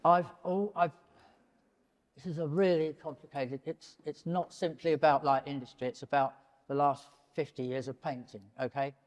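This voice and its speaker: An older man in his seventies holds forth to a gallery audience, animated and wandering, cutting himself off and restarting. His voice sits a touch high for a man. A long hall reverb trails behind every phrase. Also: normal speed. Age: 70s. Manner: animated, digressive, breaks off mid-sentence. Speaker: painter and prize winner, interviewee. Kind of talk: public in-conversation talk.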